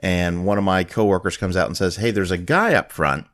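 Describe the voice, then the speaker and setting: A man hosting a podcast, telling a story in casual chat and acting out the people he quotes. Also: fairly quick. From Florida. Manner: animated, acts out quoted voices in a higher pitch. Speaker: podcast host.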